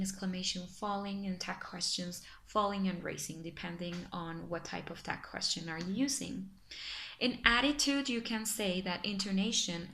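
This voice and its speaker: A woman whose first language is Spanish presents a lesson in a careful, explanatory way. She talks at a mid pitch and often pauses on fillers and corrects herself. A faint background noise runs under her voice. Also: a bit bright. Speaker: student presenter.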